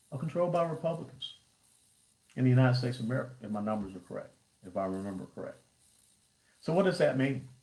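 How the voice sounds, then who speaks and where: A man's voice: mid-range voice, darkish tone. A man who is a party chairman, giving emphatic political commentary on a livestream, with punchy lists and rhetorical questions. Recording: roomy echo.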